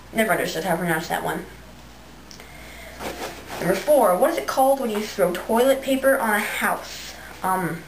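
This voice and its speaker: A woman's voice: fairly high pitch, slight background noise. A young woman from Manhattan, doing a challenge vlog, reading a word list and then a book passage. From New York City, Manhattan. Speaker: vlogger. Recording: echoey room, voice a bit far from mic.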